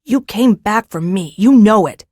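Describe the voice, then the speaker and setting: A woman voicing a pushy, excited young boy in an audiobook, insistent and clamoring. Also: mid-range voice, a little slow, no room sound, clean studio sound. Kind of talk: audiobook character reading.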